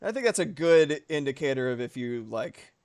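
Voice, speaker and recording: Fast-rambling, profane young man streaming. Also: a little high, no echo, studio quality. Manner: animated, profane, rambling with many fillers. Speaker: livestreamer. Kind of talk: casual chat while drawing.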